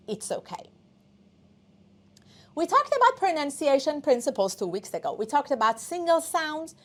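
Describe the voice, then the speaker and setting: A woman whose first language is Persian, teaching an online English test class, coaxing students and often checking in with "okay?". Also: high voice.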